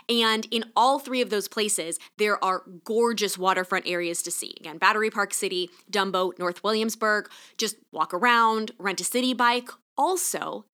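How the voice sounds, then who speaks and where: A woman's voice: medium pitch, bright, forceful tone. A middle-aged woman hosting a solo podcast, chatty and enthusiastic, getting emotional at times. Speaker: podcast host.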